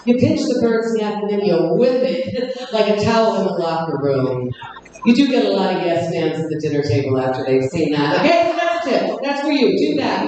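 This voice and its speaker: A woman's voice: on the high side, darkish tone. A woman hosting a live comedy show, upbeat and chanting to rouse the crowd. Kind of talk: live emcee patter. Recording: echoey hall from far off, noisy crowd.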